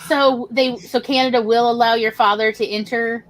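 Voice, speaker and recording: A woman's voice: fairly high pitch, moderate pace, low-quality recording. An American woman hosting a casual group chat on a video call, telling stories and acting out the voices of the people in them. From United States. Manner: animated storyteller, acts out quoted voices. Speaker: host of a writing stream.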